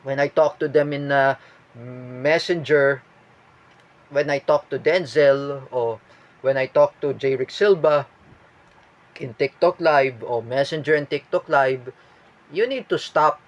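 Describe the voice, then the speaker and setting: A man with a Filipino accent giving a personal video statement as a vlogger, halting and full of fillers and restarts. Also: mid-range voice, lo-fi sound.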